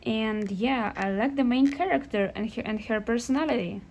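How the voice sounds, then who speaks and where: A woman voicing a calm, gentle young journalist who speaks softly, slowly and a little hesitantly in a home-made toy sketch. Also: on the high side, a little hiss or hum, natural voice. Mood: polite. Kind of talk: amateur toy sketch voice acting.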